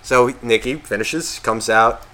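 A man's voice: medium pitch, unhurried. A man co-hosting a podcast, telling a rambling story in casual chat and swearing constantly. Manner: heavy swearing, rambling and animated. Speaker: podcast co-host.

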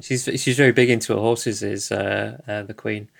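A man's voice: lowish voice, creaky. A man interviewing a churchman, asking polite, deferential questions. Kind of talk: casual interview talk.

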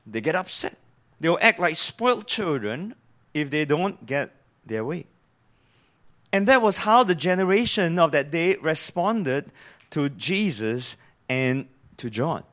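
Male preacher, high voice, earnest explanatory sermon delivery. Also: sing-song, takes it slowly, a bit bright. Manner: earnest, explanatory, asks the listeners questions.

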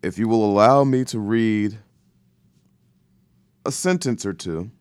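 Low-voiced man in deliberate sports chat. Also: a little mellow, no room sound, clean studio sound. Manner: deliberate, builds points slowly. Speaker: podcast co-host. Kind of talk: casual sports talk.

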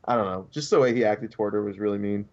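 A man's voice: fairly low pitch, fast talker, a little mellow. A man co-hosting a casual podcast chat, rambling through a story and acting out the quotes in raised voices. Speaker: podcast co-host. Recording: dull lo-fi sound.

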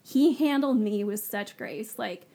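A woman, a guest on the show, telling her personal story in a casual, animated way, acting out the dialogue she quotes. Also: medium pitch, a little slow. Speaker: guest sharing her testimony.

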